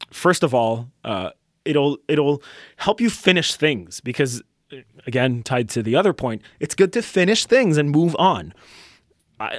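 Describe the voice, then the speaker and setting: Young guy doing a solo podcast, swears a lot, slightly high voice, dry close sound. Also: no room sound. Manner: blunt, profane, animated ranting. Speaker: podcast host. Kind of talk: casual solo podcast monologue.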